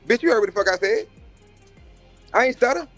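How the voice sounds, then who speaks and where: A man's voice: high-pitched, lively intonation, a little fast, a bit bright, faint music behind. A man hosting a live stream, telling brash, profane stories about job interviews. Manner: brash, swaggering, profane, acts out other voices. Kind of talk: profane casual storytelling rant.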